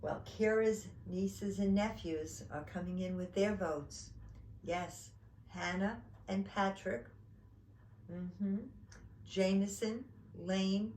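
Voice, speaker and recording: A woman hosting a story time, reading a picture book aloud with slow, expressive pacing. The recording has a roomy echo and a faint ambient hum behind her. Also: mid-range voice.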